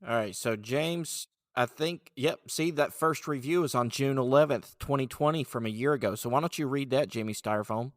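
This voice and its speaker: A man's voice: medium pitch, moderate pace, few pauses, dry recording. Male podcast host, playful, easygoing, reads reviews aloud in a dry, close room. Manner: laughing, playful. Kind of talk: casual chat, reading reviews aloud.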